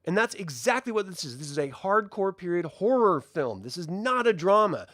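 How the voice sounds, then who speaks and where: A male reviewer talks through a film with real passion, and his voice swings widely up and down as he gets into it. His pitch sits a little higher than most men's. The sound is dry and close, with no room echo. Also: normal speed. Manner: animated and passionate, with frequent fillers. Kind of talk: casual spoken film review answering viewer questions.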